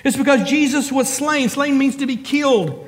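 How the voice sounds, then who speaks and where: A man's voice: extremely high pitch, in a large hall. A man preaching a sermon as pastor, building emphatic lists and calling out to the congregation. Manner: preaching with rising emphatic calls and quick asides.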